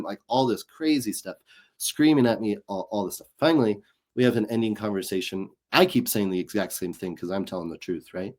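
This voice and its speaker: Fairly quick and on the low side, the voice belongs to a comedian who is a guest on an interview show. He tells stories in casual conversation, animatedly performing the voices of people he quotes.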